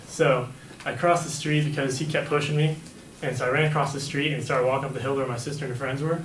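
A young man tells a story from his own life in a relaxed, rambling way, sprinkling in "like" and "you know." His voice sits a little higher than most men's. It bounces around a hollow room, picked up from some distance, with a faint hum behind it. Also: reverberant. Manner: rambling, lots of "like" and "right?". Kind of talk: casual personal storytelling.

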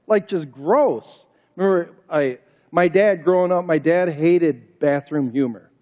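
A man with a voice on the high side preaches a sermon as pastor at a measured pace, speaking emphatically and firing off rhetorical questions. It was recorded in a church sanctuary, with a reverberant hall sound and dull lo-fi quality.

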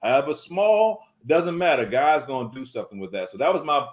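A man's voice: a little high, a little fast. A man, a food business owner, telling an earnest, faith-filled story as a podcast guest, repeating casual words as he goes. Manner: animated, repetitive storytelling full of "man" and "bruh".

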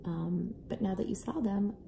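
A young adult mother casually telling a family story to camera, animated, acting out voices now and then. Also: mid-range voice, normal speed, gravelly, noisy background. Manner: animated, acts out kids' and own voices. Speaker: parent vlogger.

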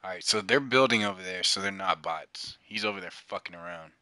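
A man chatting with his son while they play a video game, teasing and lecturing him playfully, often dropping to a soft murmur. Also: low-pitched, brisk, no room sound. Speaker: dad gaming with his son. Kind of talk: casual chat while playing a video game.

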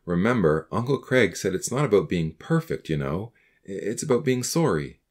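A man's voice: sits low, very animated, normal speed, voice pushed down. A man voicing an earnest, slightly awkward teenage boy in a storybook reading. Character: earnest teenage boy, newly baptized, eager to encourage.

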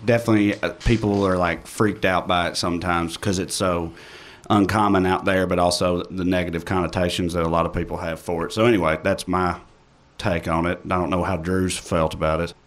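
A man's voice: low voice, level tone, a little fast. Laid-back Tennessee-accented man. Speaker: comedian guest. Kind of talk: casual interview chat.

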